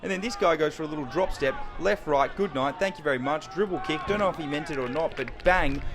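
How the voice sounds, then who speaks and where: Excitable Australian bloke calling his own footy. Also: fairly high pitch, quick pace, hardly any pauses. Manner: excitable, slangy play-by-play. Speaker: footy player narrating his own game footage. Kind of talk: mic'd-up sports commentary.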